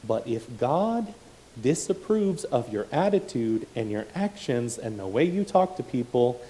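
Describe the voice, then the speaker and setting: A male preacher giving a sermon, building to loud, emphatic rhetorical questions. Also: mid-range voice, expressive, unhurried, rough recording.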